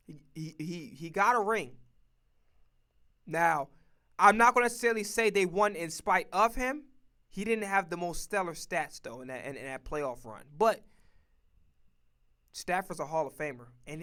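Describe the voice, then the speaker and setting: A man's voice: a little high, sharp tone. A man streaming, ranting casually and profanely about football picks, emphatic and repetitive. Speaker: streamer and sports commentator. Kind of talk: casual sports opinion rant.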